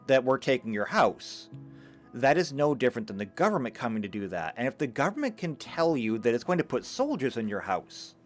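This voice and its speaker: A man giving a live lecture, talking emphatically and stumbling over a few restarts. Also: mid-range voice. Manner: animated, emphatic, with occasional stammered restarts. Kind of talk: live lecture reading chat comments.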